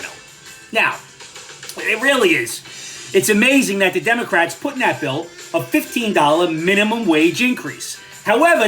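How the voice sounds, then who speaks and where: Animated, blunt older man ranting. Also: very high voice. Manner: blunt, opinionated, sarcastic. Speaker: vlogger. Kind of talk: ranting commentary vlog.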